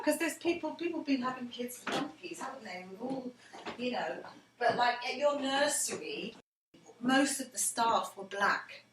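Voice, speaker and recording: Here the same mother, now interviewed by her grown son, talks in a mid-range, fairly bright voice at an unhurried pace. She shares personal stories with earnest feeling, frequently dropping close to a whisper, in a roomy recording with faint background noise.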